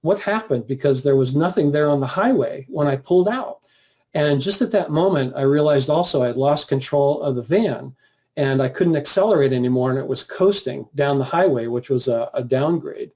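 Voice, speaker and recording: A man guest earnestly recounting a personal story in a plain, steady way, with the odd filler. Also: medium pitch, brisk. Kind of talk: personal testimony, casual storytelling.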